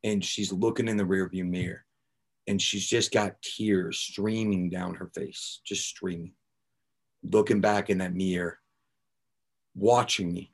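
A man's voice: sits low, steady tone, measured pace, creaky, breathy edge. A man guest on a podcast, telling his own recovery story candidly, blunt and raw with casual swearing and filler words.

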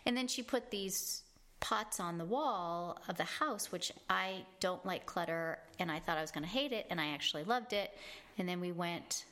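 Woman, lowish voice, chatty, laughs a lot, trails off. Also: a bit bright. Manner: chatty, laughs often, trails off mid-sentence. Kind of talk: casual chat. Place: home in Italy.

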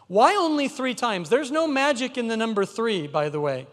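A man with a notably high voice delivers an emphatic, conversational sermon as pastor. His words ring out with a long reverb trailing behind them, as though in a church sanctuary. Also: sing-song, normal speed, few pauses, a bit bright.

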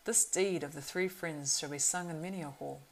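Brief: proud young male horse-lord, as a woman reads him; earnest, urgent; low, gravelly voice. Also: moderate pace, rough recording. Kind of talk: audiobook reading.

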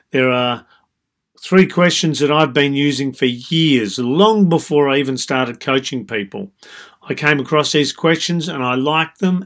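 A man speaks as a dating coach giving advice straight to the listener. His voice sits at a middle pitch, and his manner is calm and explanatory. He leans on "so" and "you know" as he walks through each point. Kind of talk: advice monologue.

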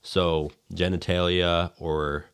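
A man's voice: sits low, little pitch movement, takes it slowly, smooth, dry recording, studio quality. A man telling a hunting story in casual chat, rambling and swearing freely.

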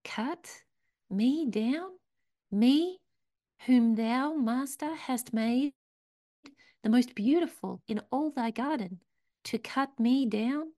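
A woman voicing a gentle, devoted bamboo plant from a parable that pleads in archaic speech and sinks to a whisper. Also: high voice, takes it slowly, pauses often. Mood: pleading.

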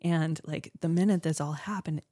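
Colombian-born woman guest, lowish voice, earnest and searching, lots of restarts. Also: fairly even intonation, moderate pace, dark tone, no echo, clean studio sound. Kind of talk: reflective conversation.

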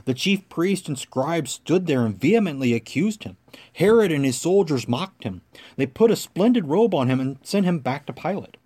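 Male lector, measured scripture reading, slightly high-pitched voice. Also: lively intonation, warm tone. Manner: measured, clear narration.

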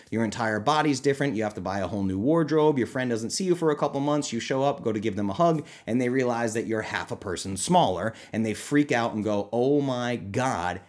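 A man hosting his own podcast as a nutrition coach, talking casually and animatedly, often jumping into high, excited mock voices. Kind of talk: casual solo podcast talk.

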